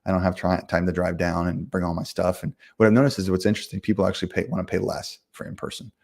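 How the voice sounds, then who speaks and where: A man hosting a livestream chat who talks quickly, stacking fillers and restarts. His voice sits low, gravelly and a bit husky. He comes across as blunt and self-assured. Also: fairly even intonation, a little mellow. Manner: fast, rambling, full of fillers and restarts. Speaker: livestream host and game company owner. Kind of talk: casual livestream chat answering comments.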